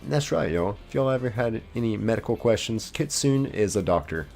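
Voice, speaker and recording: Low-voiced man reading out stream chat. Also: animated, fairly quick, gravelly, darkish tone. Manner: reads chat messages aloud and answers them playfully. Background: faint game music.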